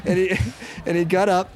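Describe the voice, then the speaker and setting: A man hosting a podcast, telling a story to his co-hosts in casual chat; he rambles, corrects himself and laughs often. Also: high-pitched. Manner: excitable. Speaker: podcast host.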